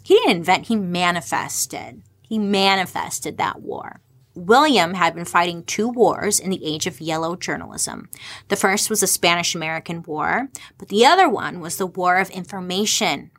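A woman's voice: mid-range voice, fairly bright tone. Irreverent, sarcastic woman telling history. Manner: irreverent, sarcastic asides, swears freely; talks to the audience with rhetorical questions. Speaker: history explainer host. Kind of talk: casual comedic history storytelling.

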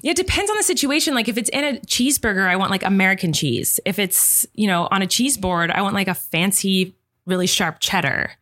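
Gushing, bright-voiced woman podcast host. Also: medium pitch, lively intonation, fairly quick. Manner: gushing, exclamatory. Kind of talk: casual chat.

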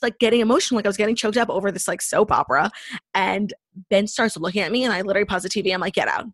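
Young woman podcast cohost, rapid chatty talk, kinda husky, dry close sound. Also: medium pitch, no echo. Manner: chatty, lots of "like", animated storytelling. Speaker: podcast co-host. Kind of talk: casual chat.

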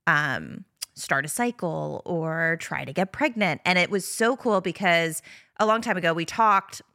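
A woman's voice: fairly low pitch, lively intonation, unhurried, creaky, pushed and bright, no echo, clean studio sound. A woman hosting a podcast in casual chat, talking in a chatty, rambling way and laughing often. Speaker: podcast host.

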